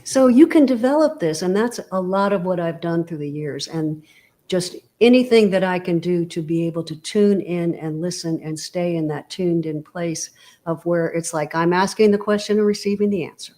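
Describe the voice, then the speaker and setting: A woman's voice: fairly low pitch, normal speed, warm tone. A woman guest on an interview show, talking casually and explaining her ideas with everyday analogies and frequent check-ins with the listener. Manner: explanatory, full of analogies and "you know". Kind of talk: casual motivational conversation.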